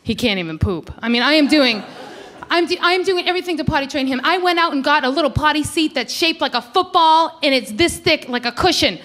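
On a club stage, a woman in her thirties performs a brash, animated stand-up set, loudly acting out quoted voices. Her voice is high and she talks a little fast.

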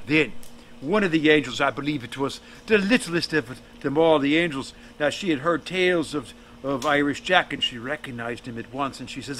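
A man's voice: on the high side, normal speed, a bit bright. A man telling a folk tale to an audience in a folksy, jokey way, with asides to his listeners. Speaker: storyteller.

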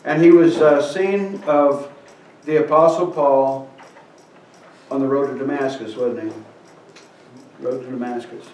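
A man's voice: medium pitch, steady tone, measured pace, long pauses, a little mellow, lo-fi sound. A man preaching a sermon, reading scripture aloud and asking the congregation questions. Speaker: pastor. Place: church sanctuary. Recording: echoey church hall, from far off.

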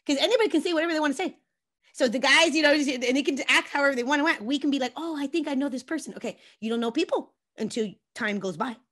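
A woman with a notably high voice speaks as a relationship coach on a talk show. She tells stories with energy and acts out what people say in playful voices. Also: fast. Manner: lively, breaks into playful quoted voices. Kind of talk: animated advice chat with acted-out quotes.

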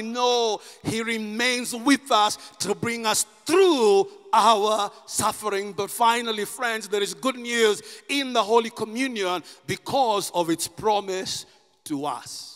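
A man preaching a sermon as pastor, impassioned and rising to shouts. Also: very high voice, steady tone, measured pace, long reverb tail. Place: church.

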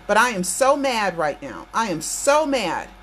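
American woman host, emphatic and repetitive, talks straight at viewers, mid-pitched, slight room hiss. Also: very animated, a little slow, a bit bright. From United States. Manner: emphatic, repeats phrases, addresses viewers directly. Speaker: channel host. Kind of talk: impassioned political rant to viewers.

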